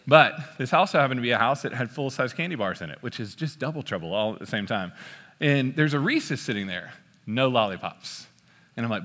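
Bright-voiced male pastor in a reverberant hall. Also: mid-range voice, a little fast. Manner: relaxed, joking storyteller with frequent "uh" fillers. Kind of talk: sermon.

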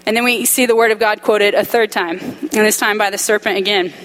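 A woman preaching a sermon in a conversational, animated way, acting out quoted voices with humorous asides. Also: medium pitch, a little fast, slight background noise, low-quality recording. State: dry mouth.

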